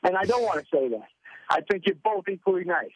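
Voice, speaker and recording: A man's voice: high-pitched, lively intonation, fast talker, a little hiss or hum. A man in his forties, a guest on a radio talk show, joking and rambling with lots of restarts. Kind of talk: casual radio interview. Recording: dull lo-fi radio sound.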